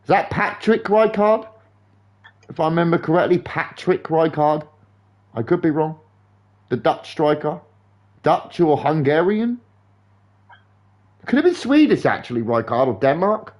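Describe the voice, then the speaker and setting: A young man chats casually while streaming a game live. His voice sits a little high, and his football banter rambles along, animated and full of swearing. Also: measured pace, long pauses.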